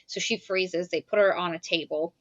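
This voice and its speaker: A woman co-hosting a podcast, retelling a novel's plot in casual, animated chat, swearing and quoting characters. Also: fairly low pitch, normal speed, dry recording, highs cut off. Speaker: podcast co-host. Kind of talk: casual book review chat.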